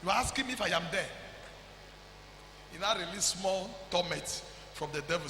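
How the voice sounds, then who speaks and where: Fervent Nigerian pastor shouting in echoey hall. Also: male voice, high voice, animated, moderate pace, long pauses. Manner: fervent preaching, bursts into shouts, mixes in pidgin. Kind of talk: sermon. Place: church.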